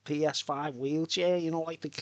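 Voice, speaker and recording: This middle-aged livestreamer talks at a normal speed with fairly high pitch and fairly even intonation, chatting loosely from home. He swears, rambles, and laughs often; the recording is dry, with the highs cut off.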